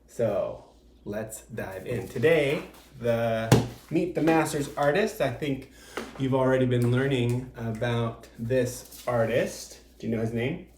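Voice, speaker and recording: A man's voice: mid-range voice, slow pace, echoey room, background noise. A man acting as an art teacher, giving a video art lesson for young children and patiently explaining each step, with frequent fillers.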